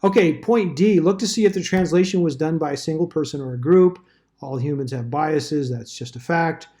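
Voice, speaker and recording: A man's voice: a little high, moderate pace, dark tone. A man teaching a Bible study class in a casual, rambling way, with dry asides.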